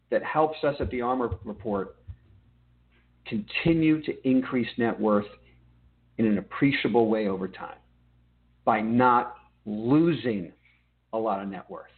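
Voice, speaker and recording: A man hosting a trading desk meeting, explaining market lessons in an emphatic way and checking in with listeners by asking "okay?". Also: mid-range voice. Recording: narrow phone-like audio.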